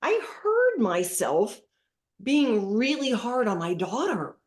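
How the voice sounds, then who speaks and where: A middle-aged woman giving parenting advice as a podcast guest, lively and acting out what to say to kids. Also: on the high side, takes it slowly. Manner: animated, acts out dialogue with kids as examples. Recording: roomy echoey room.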